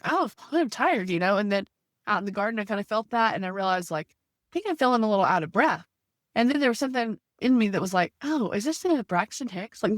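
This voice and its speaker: A woman's voice: mid-range voice, dry recording, clean studio sound. A woman in her thirties telling her story as a podcast guest, talking earnestly and filling her speech with "like" and "you know.". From United States. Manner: faith-centered. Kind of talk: conversational storytelling.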